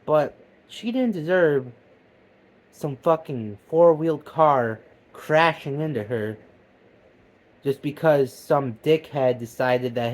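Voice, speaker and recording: A man rants in a comic monologue, his voice sitting a little higher than usual. He curses freely and lurches from loud outbursts to low, sullen mutters. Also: lively intonation, takes it slowly. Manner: profane, heated, swinging between loud outbursts and low mutters. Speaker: vlogger. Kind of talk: comedic ranting monologue.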